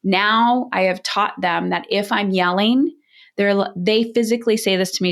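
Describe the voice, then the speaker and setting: A woman's voice: mid-range voice, moderate pace, creaky, fairly bright tone. A woman parenting coach speaks in a podcast interview with a mid-range voice. She talks straight and emphatically, in the way of someone used to telling people hard truths.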